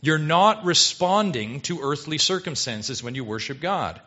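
A man preaching with a bright, forceful edge and a slightly raised pitch, pressing each point with emphatic urgency. The sermon comes through a dull, lo-fi recording that flattens the top end. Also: normal speed, hardly any pauses. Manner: emphatic, rising to urgent exhortation. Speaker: pastor.

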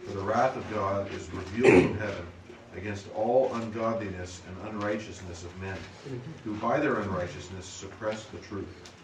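Low-voiced man reading scripture at a distance. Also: fairly even intonation, normal speed. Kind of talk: reading aloud in a group. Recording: distant voice in an echoey room with noise.

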